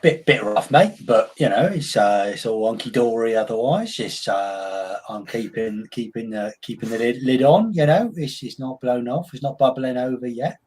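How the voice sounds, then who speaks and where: A man doing a cheery Cockney shopkeeper, full of stock phrases and easy talk. The voice is slightly husky. The accent is a broad put-on. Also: mid-range voice, moderate pace, hardly any pauses, darkish tone, close to an everyday voice. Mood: chummy. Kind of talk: podcast banter.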